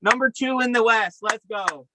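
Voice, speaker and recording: With an extremely high-pitched voice at normal speed, a man co-hosts a podcast over a video call from his camper by a river outdoors. His casual chat is profane, upbeat, and rambling, and heavy background noise fills the recording.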